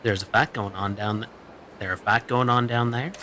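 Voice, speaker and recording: A man's voice: lowish voice, fairly even intonation, moderate pace, bright, forceful tone, a little hiss or hum. A man streaming a video game, chatting casually and joking as he plays. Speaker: VTuber streamer. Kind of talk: casual gameplay commentary.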